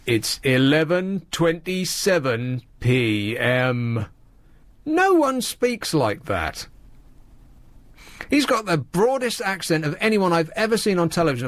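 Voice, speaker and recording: A man's voice: a little high, dry recording. A man, hosting a radio show in a wry, rambling, sardonic monologue. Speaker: radio host. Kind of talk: late-night radio monologue.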